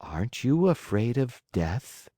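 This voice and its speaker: A man voicing a gentle, patient, motherly fairy who speaks softly and coaxingly in an audiobook. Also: medium pitch, big pitch swings, slow pace, no echo, studio quality. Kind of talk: audiobook character voice.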